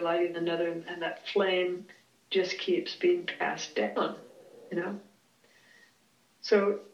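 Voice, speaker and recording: Reflective teacher leading a small home class, unhurried and searching for words, with the mic across an echoey room. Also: medium pitch. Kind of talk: relaxed classroom explanation. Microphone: far from the speaker. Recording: roomy, distant, dull home recording.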